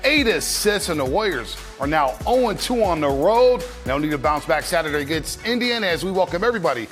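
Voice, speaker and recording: A man hosting a basketball postgame show, giving upbeat, brisk recaps of the game. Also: fairly high pitch, animated, fairly bright tone, soft background music. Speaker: sports show host. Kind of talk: postgame studio analysis.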